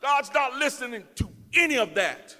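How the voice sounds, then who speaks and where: A man speaking as a guest in a church, preaching emphatically and rising to shouts in a folksy way. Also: very high voice, very animated, normal speed. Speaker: guest speaker, elected official. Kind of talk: fiery preaching. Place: church sanctuary. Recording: long church reverb.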